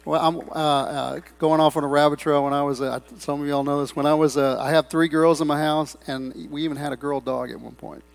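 A middle-aged man preaching a sermon in a church, breaking into loud swells and rambling asides. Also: on the high side, fairly even intonation, a little fast, gravelly, few pauses. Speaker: pastor. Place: church sanctuary.

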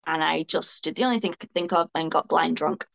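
A woman's voice: deep voice, brisk, gravelly, fairly bright tone, poor audio. A young woman, a guest speaking frankly and ramblingly about her own experiences in a candid interview. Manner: frank, rambling, self-deprecating.

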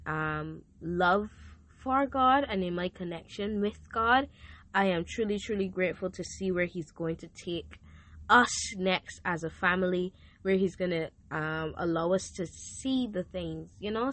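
A woman's voice: lowish voice, fairly bright tone. Emotional young woman podcast host. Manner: emotional, repetitive, faith-filled gratitude. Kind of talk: casual thank-you message.

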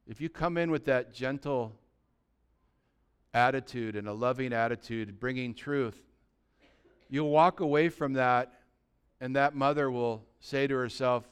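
A man preaching a conversational sermon as pastor, dropping to a soft, quiet voice when acting out gentle words. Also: fairly high pitch, measured pace, smooth. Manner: conversational preaching, drops to a soft voice for imagined dialogue.

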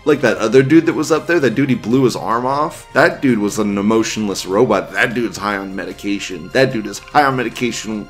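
A man's voice: on the low side, brisk, few pauses, soft background music. A man hosting a casual stream, reading forum posts aloud, profane and offhand, laughing often. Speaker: livestream news host.

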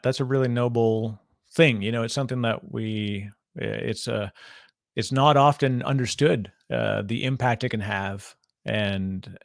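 A man with a gravelly, creaky edge to his mid-pitched voice, talking in a loose, animated way. He drops into quick impressions of other people and laughs easily. The sound is close and dry. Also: dry recording. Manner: animated storyteller, laughs often, acts out quoted voices. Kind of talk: casual chat.

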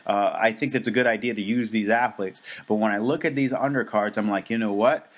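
A man's voice: fairly low pitch, fairly even intonation, fairly quick. An American man co-hosting a podcast, talking in a rambling, casual way with many fillers and restarts. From United States. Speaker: podcast co-host. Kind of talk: casual chat.

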